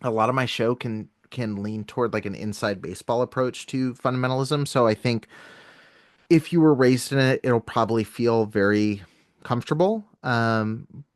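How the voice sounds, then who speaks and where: A man's voice: mid-range voice, moderate pace, no room sound, studio quality. A man from California who is a guest on a podcast, chatty and self-deprecating, joking and telling side stories. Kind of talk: casual podcast conversation.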